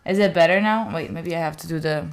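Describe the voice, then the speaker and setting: A woman's voice: low voice, fast talker. A woman, a live streamer chatting casually with her viewers and thinking aloud while she sets up. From Italy. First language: Italian. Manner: chatty, thinks aloud, talks straight to chat.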